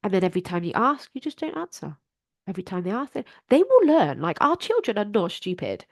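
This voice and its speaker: A woman's voice: mid-range voice, wildly swooping pitch, a little fast, dry recording. A middle-aged woman talks straight to her listeners as a life coach on her podcast. Her manner is earnest and encouraging, plain and direct. The sound is close and dry, with no room around her. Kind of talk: solo podcast advice talk.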